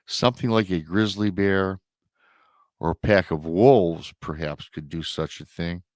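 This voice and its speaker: A low-pitched male host speaks a little slowly as he dramatically recounts a story a listener emailed in, pausing for emotional asides. It's podcast storytelling narration recorded with clean studio sound and no room noise.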